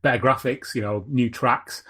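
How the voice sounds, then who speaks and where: Brief: podcast host, man, husky tone, easygoing rambling chat. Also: mid-range voice, fairly even intonation, moderate pace, fairly bright tone. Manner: rambling, searches for words, many fillers.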